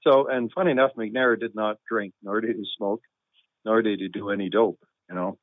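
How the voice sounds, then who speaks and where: A man telling a long anecdote in a relaxed, wry way with chuckles and deadpan humor. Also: fairly low pitch, normal speed, no room sound. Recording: tinny phone-like line, dry.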